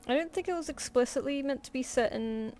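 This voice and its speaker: A woman's voice: sits high, a little fast, darkish tone, soft background music. A woman chatting casually with viewers while she draws on a live stream, rambling and laughing easily. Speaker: streaming artist. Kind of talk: casual chat while drawing.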